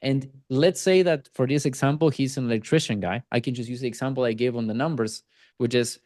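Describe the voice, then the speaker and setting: A man teaching closing techniques to a sales team on a casual video call, acting out quick replies from prospects as he goes. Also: medium pitch, darkish tone, no room sound, clean studio sound. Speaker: sales trainer.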